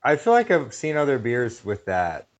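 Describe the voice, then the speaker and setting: A man in a casual podcast chat who talks haltingly and searches for his words. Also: medium pitch, huge pitch swings, rough recording.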